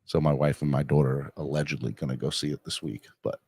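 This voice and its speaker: This middle-aged podcast host has a rumbling low, level voice, a little mellow with a breathy edge, and he talks fast in a dry, studio-quality recording. He reads live comments while rambling casually and self-deprecatingly, with many fillers and restarts.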